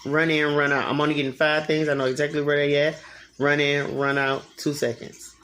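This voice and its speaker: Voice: medium pitch, little pitch movement, a little fast, fairly bright tone, a little hiss or hum. A vlogger in their thirties telling a personal story in a casual vlog, profane and emphatic, repeating phrases for effect. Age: 30s.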